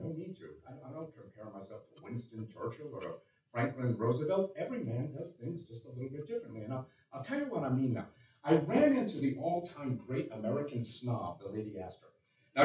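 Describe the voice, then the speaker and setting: A man's voice: mid-range voice, lightly acted. An older man with a Missouri accent, playing a blunt, folksy American president in a one-man stage show. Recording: echoey stage from far off.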